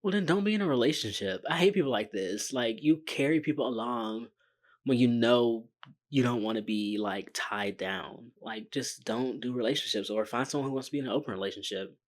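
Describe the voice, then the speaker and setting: A man's voice: medium pitch, a little fast. Blunt, joking young man reacting to a show. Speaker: reaction video host. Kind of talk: casual reaction commentary.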